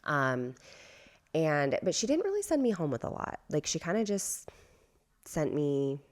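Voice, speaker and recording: Low-voiced woman telling a family story. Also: wildly swooping pitch, measured pace. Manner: candid, rambling with many fillers. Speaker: podcast co-host. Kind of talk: casual storytelling chat.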